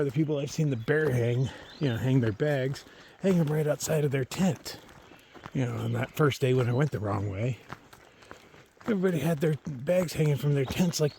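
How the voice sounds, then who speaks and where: A man's voice: fairly high pitch, creaky, dark tone, slight background noise. A man filming himself on a long-distance hike, chatting casually and telling wry, joking stories as he walks a mountain trail. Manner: joking, laid-back, wry storytelling. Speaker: long-distance hiker filming his trek. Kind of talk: casual vlog commentary.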